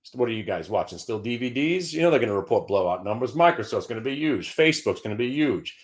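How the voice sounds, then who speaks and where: Brash, lively trading host. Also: male voice, medium pitch, quick pace. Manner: brash, taunting, swings from mutters to shouts. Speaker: stock trading show host. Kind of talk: live trading commentary.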